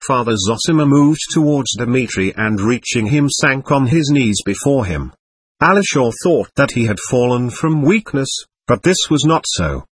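Husky, expressive male audiobook narrator. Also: mid-range voice, normal speed, no echo. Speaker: audiobook reader. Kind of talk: scripted narration.

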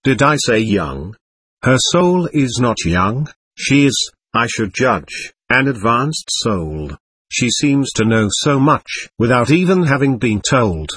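A man narrating a story aloud with a husky, slightly breathy voice and lively rising and falling pitch. His telling is gentle and expressive, recorded dry and close with no room sound. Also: slow, dry recording.

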